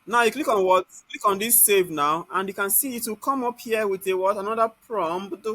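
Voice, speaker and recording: A man with a Nigerian accent leads a live online software class. He keeps asking the class "what?" and then answers it himself. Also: sits high, normal speed, no echo. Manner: scolds students in Nigerian Pidgin.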